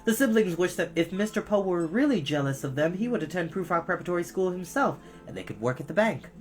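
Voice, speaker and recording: Storybook reader, children's chapter book read aloud, animated pitch, coughing, faint background music. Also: fast. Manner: expressive, with frequent coughs and apologies.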